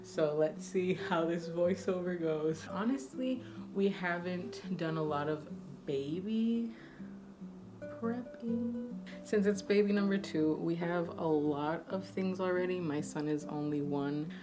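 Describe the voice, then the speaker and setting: A young woman narrates her family vlog in a low, soft, conversational voice. She sounds slightly out of breath as she talks. Clear acoustic guitar music plays beneath her. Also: slow pace. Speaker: vlogger, stay-at-home mom.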